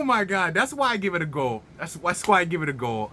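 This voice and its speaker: A man hosting a casual movie review, talking in excited slang and often breaking into laughter. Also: high voice, fairly quick, few pauses, background noise.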